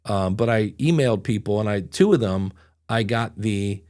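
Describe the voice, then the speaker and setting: A man's voice: on the low side, lively intonation, moderate pace, a little mellow. A middle-aged man hosting a podcast, telling stories in a rambling, self-deprecating way. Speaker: podcast host. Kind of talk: casual podcast chat.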